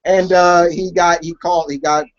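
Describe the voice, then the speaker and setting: A man's voice: high voice, flat delivery, normal speed, lo-fi sound. A man co-hosting a casual wrestling talk show, rambling with many restarts. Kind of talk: casual chat.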